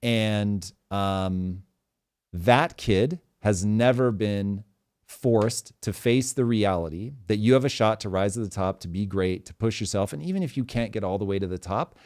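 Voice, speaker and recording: A man's voice: on the low side, a little slow. A man in his forties hosting a talk show, speaking emphatically and swearing freely in casual chat. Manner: emphatic, profane, animated storytelling. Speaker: podcast host.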